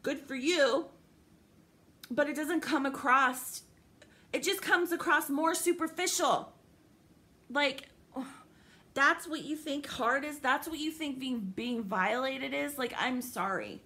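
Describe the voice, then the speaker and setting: A woman's voice: high voice, slow pace, sharp tone. A young woman venting in an angry, profane, sarcastic rant to the camera, upset and livid. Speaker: vlogger.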